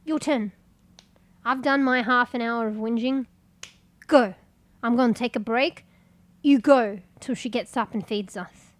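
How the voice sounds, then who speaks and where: A woman's voice: a little high, measured pace, pauses often, close to an everyday voice. A woman voicing a whiny, demanding male house cat who grumbles about wanting his food. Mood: grumbling.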